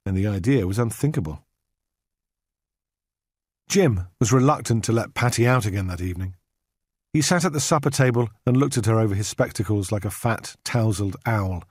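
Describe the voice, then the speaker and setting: A male narrator reads a detective novel in a measured, understated manner, with a mid-pitched voice. The recording is dry and close, made on a studio microphone. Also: a little mellow, dry recording. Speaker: audiobook narrator. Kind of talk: scripted narration.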